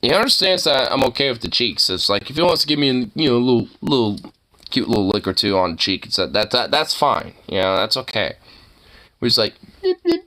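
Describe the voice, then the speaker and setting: A man's voice: mid-range voice, lively intonation, fairly quick, bright, forceful tone. A man in a casual reaction vlog, rambling and slangy, cursing freely. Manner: rambling, slangy, swears a lot.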